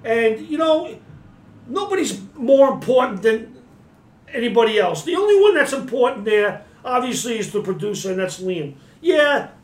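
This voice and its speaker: Swearing, ranting man in an echoey room. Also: very high-pitched. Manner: profane, heated, repeats himself. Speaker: podcast regular. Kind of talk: angry rant.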